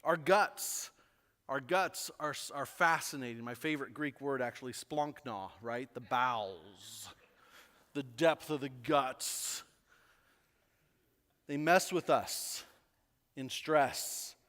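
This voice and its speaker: A man preaching a sermon as pastor, animated, often repeating words and asking the congregation questions. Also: mid-range voice, slow, pauses often, big-room sound. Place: church sanctuary.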